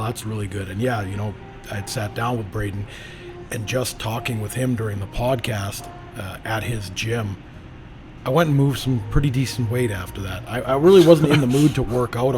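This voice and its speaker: A man hosting a casual podcast, his voice sitting at an ordinary middle pitch. He talks in an emphatic, profane, motivational way. Music plays clearly underneath him. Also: fairly quick. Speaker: podcast host.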